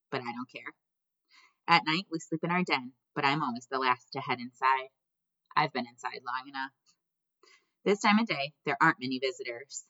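A woman reads a storybook aloud in a low voice with a bright edge. Her delivery is measured and gently expressive, and the recording sounds slightly muffled. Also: no room sound. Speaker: audiobook narrator. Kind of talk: scripted narration.

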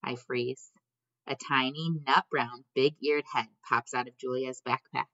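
A woman narrating an audiobook in the first person, in a measured, gently expressive way. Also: rumbling low, no echo, lo-fi sound. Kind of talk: scripted narration.

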